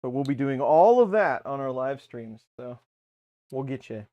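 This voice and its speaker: A man's voice: mid-range voice, moderate pace, highs cut off. A man co-hosting a casual live stream, talking easily while fiddling with a gadget. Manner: relaxed, tinkering while talking. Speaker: co-host.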